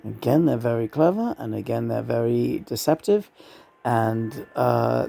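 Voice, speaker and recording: A man's voice: mid-range voice, unhurried, vocal fry, warm tone, faint music behind. A man talking in a loose, rambling way during a spirit channeling session from an apartment, cursing casually and dropping names.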